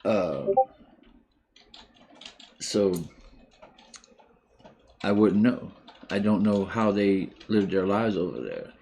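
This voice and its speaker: A man in his forties from the United States, hosting a live stream and speaking openly and emotionally about his own life, with many pauses and restarts. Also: lowish voice, lively intonation, creaky, darkish tone, a little hiss or hum. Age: 40s. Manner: halting and heartfelt, many restarts. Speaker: livestream host. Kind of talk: emotional personal talk.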